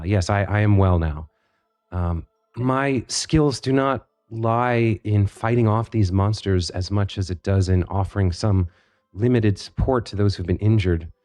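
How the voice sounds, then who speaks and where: A man voicing a gentle female village healer who speaks humbly and hesitantly. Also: lowish voice, lightly acted.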